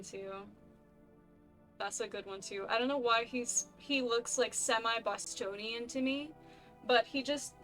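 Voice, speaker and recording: A woman gives casual, chatty commentary while streaming a game, often amused at herself. Her voice sits fairly high, and soft game music plays faintly behind her. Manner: chatty, self-amused, laughs a lot. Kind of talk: casual let's-play commentary.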